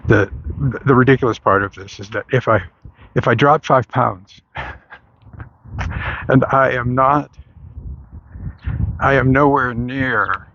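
A well-into-adulthood male vlogger strolls down a street outdoors, rambling casually, restarting sentences and letting out wry laughs. His mid-range voice is slightly bright, and the recording is lo-fi.

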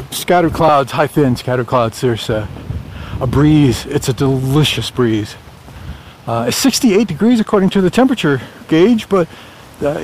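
A man's voice: fairly high pitch, darkish tone, slight background noise. A middle-aged man talking casually while out on a morning walk, rambling along with filler words and small chuckles. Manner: rambling, chatty, with frequent "uh" and chuckles. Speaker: vlogger. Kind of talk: casual walking vlog.

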